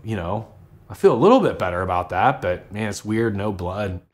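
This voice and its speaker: A man's voice: on the low side, lively intonation, a little fast. A man telling a hunting story in an interview, talking conversationally, quoting himself and his friends and repeating words as he goes.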